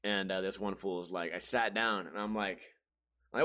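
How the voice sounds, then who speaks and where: A man's voice: fairly low pitch, brisk. A young man hosting a comedy podcast, telling profane stories in a casual way and acting out the people in them. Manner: profane, animated, acts out quoted voices. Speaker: podcast host.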